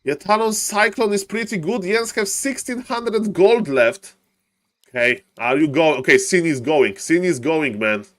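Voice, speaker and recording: A man casting a live strategy game, excitable, repeating phrases and yelling advice at the players in non-native English. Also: a little high, unhurried. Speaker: esports caster.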